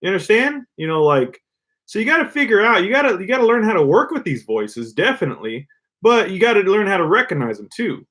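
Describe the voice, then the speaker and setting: Chill guy on a podcast, kinda high voice, says you know like a lot. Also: quick pace. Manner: relaxed, peppers speech with "you know, like". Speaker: podcast co-host. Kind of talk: casual chat.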